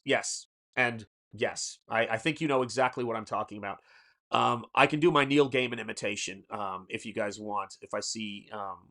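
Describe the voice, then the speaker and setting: A man with a Southern American accent chats casually on a livestream from his home art studio. He rambles and restarts, filling gaps with ums while reading viewer messages aloud. His voice sits at an ordinary middle pitch. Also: fairly bright tone. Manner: rambling, reads chat aloud, many fillers and restarts. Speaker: artist and livestream host.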